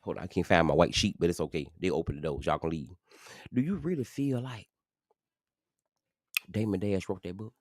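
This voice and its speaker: A man with a low voice runs a live stream, talking straight to his viewers with preachy, animated energy. The sound is dry and close, with no room around it. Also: quick pace, few pauses, dry recording. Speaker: livestream host. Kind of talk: livestream commentary.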